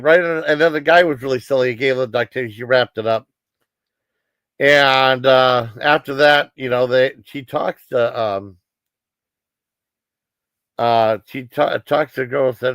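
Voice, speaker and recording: A man's voice: medium pitch, a little slow, pauses often, fairly bright tone, dry recording. Rambling man recapping a movie. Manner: rambling, full of fillers and quoted lines. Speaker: streamer reviewing a movie. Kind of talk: casual livestream movie recap.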